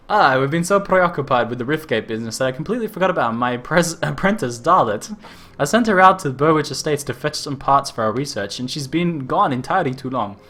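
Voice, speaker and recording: A man's voice: a little high, animated, brisk, bright, forceful tone, soft background music. A man voicing an eccentric, reckless male scientist-inventor in an over-the-top Australian stereotype accent, reading game dialogue with a cackle. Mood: excited fussing. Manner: exaggerated, cackling quest-text reading.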